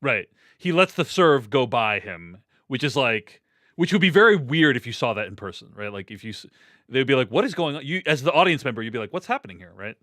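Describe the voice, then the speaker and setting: Male host, mid-pitched, dry close sound, asks many checking questions, hesitant. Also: expressive, brisk, bright, forceful tone, no echo. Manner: checks his understanding with frequent questions, hesitant. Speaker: host of film discussion. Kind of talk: casual film discussion.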